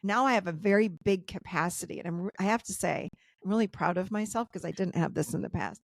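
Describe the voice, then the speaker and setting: A woman in her fifties shares personal stories as a podcast guest, lively and animated, slipping into the voices of the people she describes. Her voice carries a gravelly edge. She is heard over a video call with a dry, close sound. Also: mid-range voice, fast, dry recording. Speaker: guest therapist and coach. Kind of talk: personal storytelling in a podcast interview.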